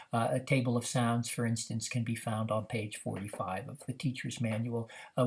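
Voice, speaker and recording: A man teaching how to run a reading activity, explaining in a measured way with frequent "uh" fillers. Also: mid-range voice. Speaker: reading program instructor. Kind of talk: instructional demonstration.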